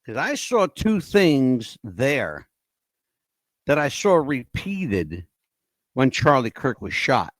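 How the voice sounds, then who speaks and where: Animated man hosting a podcast. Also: medium pitch, slow, no echo. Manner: animated, questioning, addresses chat by name; stammers and repeats words. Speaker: podcast host. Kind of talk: casual livestream talk to viewers.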